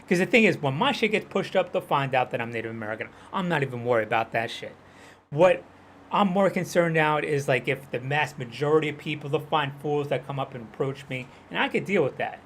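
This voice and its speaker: A man's voice: fairly high pitch, a little fast, a bit bright, a little hiss or hum. Rambling man chatting on a game stream. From Hawaii. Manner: rambling, with frequent fillers. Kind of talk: casual chat while gaming.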